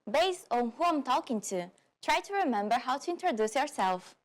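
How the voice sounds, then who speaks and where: A woman teaching a beginner lesson in clear, deliberate scripted narration. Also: high voice, big pitch swings. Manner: clear, deliberate, with slowed model phrases. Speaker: language teacher.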